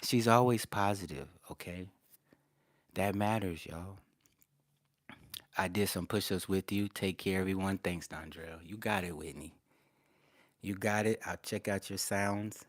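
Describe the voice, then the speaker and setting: A man with a lowish voice chats casually with viewers on a livestream. He talks in a laid-back, slangy way and calls them "y'all". The sound is close and dry, with little room around it. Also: measured pace, long pauses, no room sound. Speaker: livestream host.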